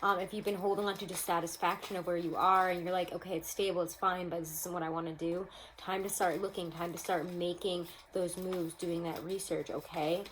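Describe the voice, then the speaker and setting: A woman's voice: lowish voice, level tone, fairly quick, few pauses, slight background noise, poor audio. A young woman giving a casual, upbeat tarot reading to camera at home, speaking straight to her viewers. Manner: chatty, upbeat, addresses viewers as guys. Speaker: tarot reader. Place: home room.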